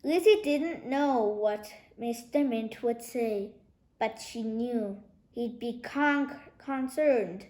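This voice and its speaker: A woman reading a children's novel aloud, narrating in an expressive, lively way, recorded in an echoey room. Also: a little high, slow. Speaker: storybook narrator.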